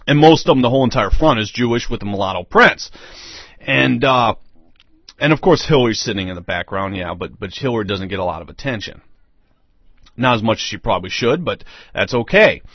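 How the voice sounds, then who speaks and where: A man's voice: medium pitch, expressive, a little fast, no room sound. A man hosting an online radio show, delivering a rambling, emphatic monologue that repeats itself. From United States. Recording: dull lo-fi dry audio.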